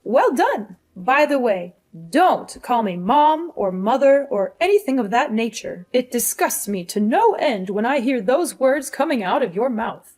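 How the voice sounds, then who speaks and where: A woman's voice: on the high side, very animated, a little slow, darkish tone. A woman voicing a sneering, cruel mother-in-law. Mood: scornful. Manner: sneering, mocking, condescending. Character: cruel scornful middle-aged mother-in-law. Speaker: fiancé's mother. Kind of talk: animated story voice acting.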